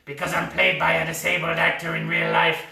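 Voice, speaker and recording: A little French henchman, as a man puts him on, gravelly and sharp-edged, sly in tone. The voice is bright and crackling, heard in a roomy theatre from a distance. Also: fairly high pitch, completely flat delivery, fairly quick, soft background music, exaggerated voice. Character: small scheming male henchman, French-speaking.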